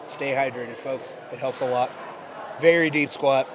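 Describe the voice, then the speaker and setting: A man with a congested voice commenting live on a powerlifting meet, with relaxed, self-correcting play-by-play and dry asides. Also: medium pitch, measured pace, a loud crowd, very noisy. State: congested from a cold.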